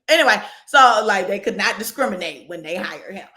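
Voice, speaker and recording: A woman co-hosting a podcast, telling a story in casual chat, animated and profane, acting out the people she quotes. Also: mid-range voice, moderate pace, hardly any pauses. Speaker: podcast co-host. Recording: echoey room.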